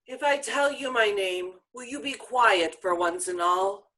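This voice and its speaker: A woman's voice: mid-range voice, animated, measured pace, bright, forceful tone, low-quality recording. An actress playing a young, haughty witch who calls herself the Mistress of Darkness, speaking in a grandiose, commanding way and losing patience easily. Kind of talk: stage play acting.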